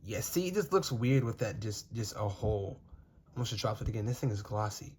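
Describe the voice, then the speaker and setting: A young man with a somewhat low voice talks casually into a phone while unboxing model airplanes. He gushes and rambles, piling on praise for every detail. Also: expressive, a little fast, darkish tone, breathy edge. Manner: enthusiastic, gushing, rambling. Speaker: model plane reviewer.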